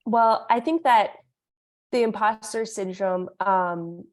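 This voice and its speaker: A woman's voice: mid-range voice, takes it slowly. A woman guest on a podcast, explaining her ideas thoughtfully in casual conversation.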